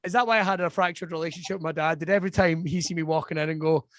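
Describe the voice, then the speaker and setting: A man's voice: fairly high pitch, fairly even intonation, racing, fairly bright tone, dry recording. A man hosting a podcast, telling stories boisterously, swearing and laughing often. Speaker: podcast host. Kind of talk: casual chat.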